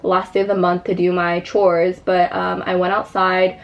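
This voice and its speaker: In a home vlog, a young woman tells a chatty, casual story packed with "like" and "you know," acting out her own screams along the way. She speaks at a moderate pace in a low, creaky monotone, and the recording has its highs cut off.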